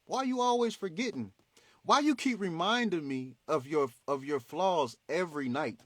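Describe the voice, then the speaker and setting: A man voicing God as a patient, fatherly figure, gently chiding and reassuring. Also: fairly high pitch, normal speed, no echo, clean studio sound, lightly acted.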